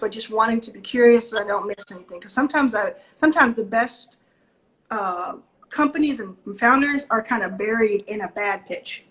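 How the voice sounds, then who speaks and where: A woman from the Southern US with a Southern accent, an investor giving direct, animated advice on a video call and acting out quotes from people. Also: on the high side, poor audio. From Southern US (Texas and Mississippi). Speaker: venture capital investor, guest. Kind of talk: casual video-call interview.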